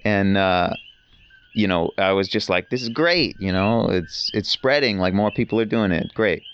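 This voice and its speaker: A man's voice: on the low side, animated, normal speed, clean tone, lo-fi sound. A man talking as a podcast guest in casual conversation, telling rambling, enthusiastic stories.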